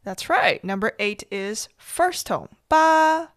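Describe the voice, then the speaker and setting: A woman hosting a language podcast, slowly demonstrating Mandarin tones with patient pauses for repetition. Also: medium pitch, lively intonation, dry recording, clean studio sound. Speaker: host, Mandarin teacher. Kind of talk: slow, deliberate language lesson.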